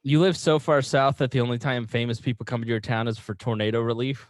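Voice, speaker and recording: A male podcast host trades easy jokes with a co-host in relaxed, casual chat. His voice sits at an ordinary male pitch. The recording is dry and close, with no room sound. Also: fast, no echo. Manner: joking, relaxed banter.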